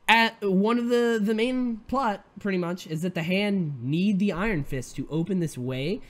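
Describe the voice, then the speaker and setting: A man's voice: sits high, measured pace, a bit bright. Rambling, chatty male show reviewer. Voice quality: rambling and chatty, with frequent fillers and self-interruptions. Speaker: host. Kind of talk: casual vlog-style TV show review.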